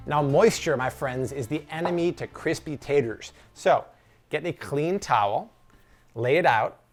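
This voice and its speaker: A man hosting a cooking tutorial in his kitchen, talking to viewers in an enthusiastic, chatty way. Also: a little high. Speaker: cooking show host. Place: home kitchen at the stove.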